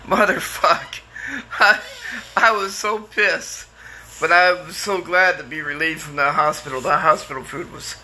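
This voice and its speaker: A middle-aged man with a slightly high, bright voice and a forceful tone tells his own story casually, with slight background noise. He rambles candidly and plainly, full of restarts and fillers, and swears now and then.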